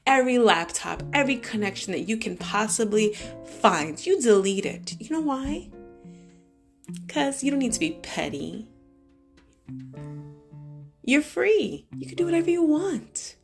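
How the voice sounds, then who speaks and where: A woman vlogger talks straight to her followers in an emphatic, expressive way, slowing down and then speeding up to drive each point home. Plucked guitar music plays clearly behind her voice. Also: fairly high pitch. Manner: emphatic, expressive, shifting pace. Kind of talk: motivational monologue to followers.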